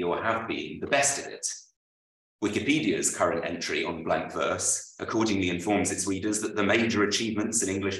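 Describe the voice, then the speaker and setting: A man, an author, reading a prepared lecture aloud at a book launch, with measured, dryly witty delivery. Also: sits low, fairly bright tone. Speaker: author presenting his book. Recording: roomy, voice from far off.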